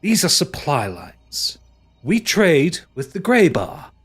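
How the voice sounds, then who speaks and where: A man's voice: a little high, huge pitch swings, slow pace, breathy edge, soft background music, pitched above the performer's own voice, exaggerated voice. A man playing an exasperated merchant leader. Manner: exasperated, explaining.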